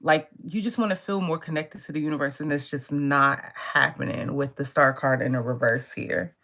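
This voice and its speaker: A woman's voice: low voice, normal speed, sharp tone. A woman tarot reader talking in a casual, blunt and profane way, laughing often. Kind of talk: casual live tarot reading.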